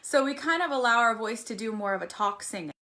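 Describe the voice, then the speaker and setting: Bright-voiced woman teaching singing. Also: fairly high pitch, expressive, fast talker. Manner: demonstrates with sung warm-ups and examples. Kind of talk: singing workshop for musical theater. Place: arts center.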